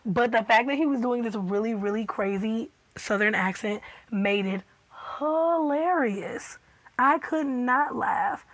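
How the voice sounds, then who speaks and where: Slow-talking, playful woman reviewer. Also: a little high, dry recording, low-quality recording. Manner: animated and playful, full of asides and exclamations. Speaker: TV show reviewer. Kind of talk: casual reaction review.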